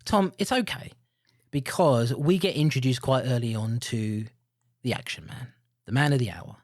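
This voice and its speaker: A British man co-hosting a film podcast, chatting casually, animated and jokey, laughing often. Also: mid-range voice, moderate pace, dry recording, clean studio sound. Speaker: podcast co-host.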